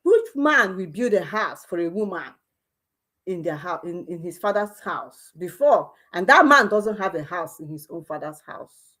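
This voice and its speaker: A woman with a Nigerian Igbo accent hosting a livestream, moving between soft, sorrowful talk and loud, fiery outbursts. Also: lowish voice, animated, moderate pace. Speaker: livestream host. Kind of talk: emotional livestream commentary.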